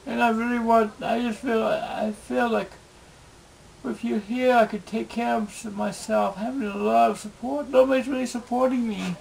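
A man recording a video diary at home on a camera mic, pleading and repeating himself in halting, emotional speech. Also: extremely high pitch, steady tone, vocal fry, darkish tone, poor audio. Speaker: video blogger.

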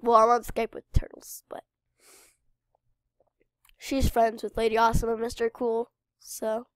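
A woman's voice: fairly high pitch, monotone, unhurried, dry recording, studio quality. A woman with a cold and a stuffy nose, chatting casually to viewers as she plays and talks through a game. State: congested with a cold. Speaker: game channel host. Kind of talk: casual gameplay commentary.

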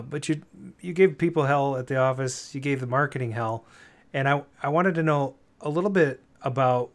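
A man hosting an interview, asking casual, halting questions. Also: medium pitch. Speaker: podcast host.

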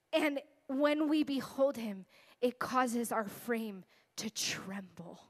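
A high-voiced woman preaches and prays, earnest and a little tearful. Her talk is chatty and warm-hearted, full of fillers and heartfelt asides. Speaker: guest speaker and worship leader. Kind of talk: sermon with spoken prayer.

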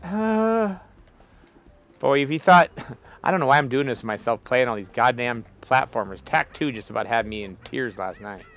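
A man's voice: mid-range voice, a little fast, fairly bright tone, dull audio. A man giving casual, profane gameplay commentary as a streamer, exasperated and talking to the game. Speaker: let's play streamer.

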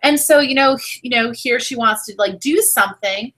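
A woman in her thirties chatting casually over a video call as she presents new children's books, with lots of fillers and quick apologies. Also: a little high, fairly bright tone, low-quality recording. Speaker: book seller presenting new titles. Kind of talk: casual book showcase.

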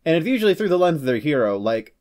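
A man hosting a scripted psychology explainer, reading with playful joking asides and quick comic character voices. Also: fairly high pitch, big pitch swings, darkish tone. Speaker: host of a personality-psychology channel.

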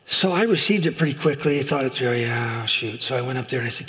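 A man's voice: mid-range voice, a little fast, few pauses, a bit bright. A middle-aged man preaching as a pastor in a church, chatty and self-deprecating, often asking his listeners "right?". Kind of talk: sermon. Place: church sanctuary, in front of a congregation. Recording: long hall reverb.

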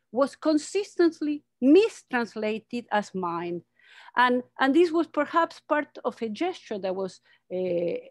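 A woman psychoanalyst giving an academic lecture over a video call, reading from a script in an earnest, measured way and stressing key words. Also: a little high, a little mellow, dry recording, studio quality.

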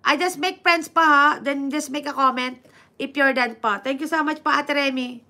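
A woman with a Filipino accent hosting a casual livestream, reading viewer comments aloud and answering them in halting English mixed with Tagalog, with many fillers. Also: sits high, steady tone, bright, forceful tone. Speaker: livestream host.

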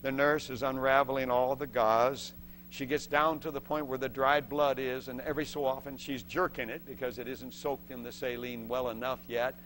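A man preaching a sermon as a testimony, telling a story with lively acted-out voices and laughs between points. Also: mid-range voice, moderate pace, a little hiss or hum. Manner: acts out voices in the story and shouts the excited parts.

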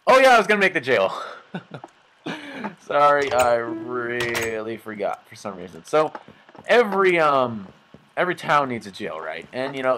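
A man's voice: mid-range voice, a bit bright, a little hiss or hum, low-quality recording. A man hosting a game let's play, talking casually with rambling, jokey, self-mocking asides. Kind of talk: casual gameplay commentary.

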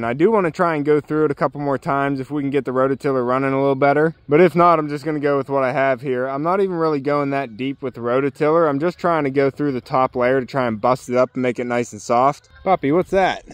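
A man's voice: medium pitch, fast, hardly any pauses, no echo. A man giving a casual walking tour of his garden outdoors, chatty and easygoing, joking along the way. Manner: easygoing, chatty, jokes and breaks off to talk to his dogs. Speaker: homesteader showing his garden.

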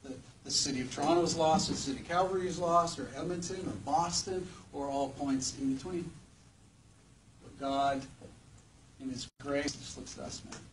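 A man's voice: fairly high pitch, normal speed. A man preaching a sermon to a live audience in a church hall, conversational and joking, often putting questions to the listeners. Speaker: preacher at a campus ministry gathering. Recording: distant mic with faint background noise.

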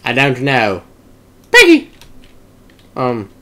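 A young man talks his way through a game with loud, hyper outbursts and plenty of swearing. His pitch leaps around wildly from mumbles to yelps. It's casual gaming commentary with a rambling, scattered flow. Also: animated, measured pace, smooth. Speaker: gamer.

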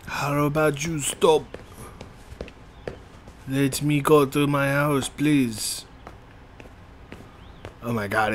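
A man's voice: a little high, a little hiss or hum. A man playing a video game and commenting on it in a casual, playful way, often speaking to the characters on screen. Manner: playful, talks to the game characters, jokey asides. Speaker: gameplay streamer. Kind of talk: casual let's-play commentary.

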